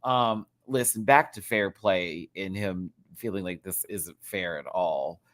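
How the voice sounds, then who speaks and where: A woman's voice: very deep voice, takes it slowly. A woman hosting a live reality TV episode review, chatty and teasing, laughing often.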